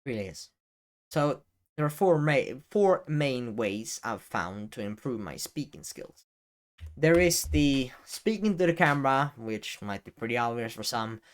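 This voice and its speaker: A man's voice: mid-range voice, animated, a little slow. Rambling young man giving video advice. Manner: rambling, swearing, many fillers and restarts. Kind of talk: casual on-camera advice talk.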